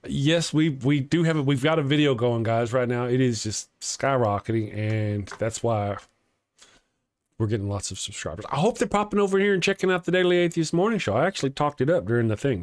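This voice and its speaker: A man's voice: mid-range voice, no room sound. A man with a Texas accent hosting a casual atheist morning livestream. He rambles, chuckles often and restarts his sentences while reading viewer comments.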